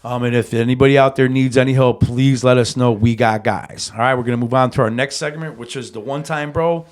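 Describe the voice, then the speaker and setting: A man's voice: mid-range voice, brisk. Host: man telling a rowdy story. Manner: animated, profane, slangy storytelling. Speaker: podcast host. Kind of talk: casual storytelling.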